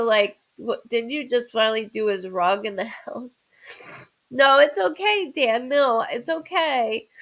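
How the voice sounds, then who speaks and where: A woman hosts a live stream, talking slowly and in a fairly high voice. She is choked up and stuffed up from crying. She apologizes and chats through the tears. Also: a bit bright, rough recording. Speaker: livestream host. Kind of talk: live-stream chat with viewers.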